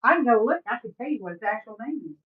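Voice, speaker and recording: A woman hosting a casual crafting livestream, chatty and folksy and quick to laugh. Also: a little high, animated. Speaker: livestream host. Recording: tinny phone-like sound, dry.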